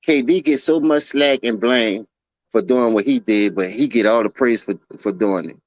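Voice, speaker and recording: An adult man who calls himself an OG hosts a casual basketball talk stream, a loose sports debate chat. His mid-range voice moves at a normal speed as he tells profane, slang-filled stories, repeatedly saying "you feel me." There's no echo.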